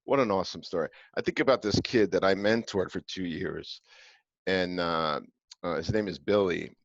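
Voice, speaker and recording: Animated deep-voiced male host. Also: normal speed, no room sound. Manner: animated, emphatic, with frequent restarts. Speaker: podcast co-host. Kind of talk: casual chat, storytelling. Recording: dull, dry sound.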